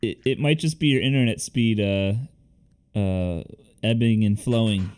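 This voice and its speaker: A man's voice: lowish voice, a little slow, darkish tone, smooth. A man co-hosting a video-call chat, helpfully talking a guest through connection problems. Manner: helpful, explaining tech troubles. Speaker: co-host.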